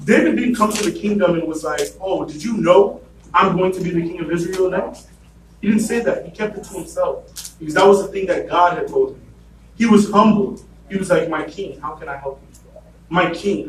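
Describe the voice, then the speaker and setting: A man with a fairly high voice delivers a sermon, retelling the story and slipping into the voices of its characters. He is picked up from a distance in a reverberant church hall, with a faint hum of room noise underneath. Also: a little fast. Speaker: preacher. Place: church sanctuary. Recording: echoey church room from afar.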